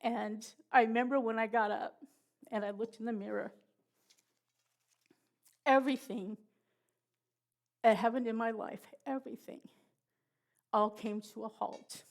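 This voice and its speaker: A middle-aged woman giving a personal testimony at church, halting and emotional, with many pauses and restarts. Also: a little high, steady tone.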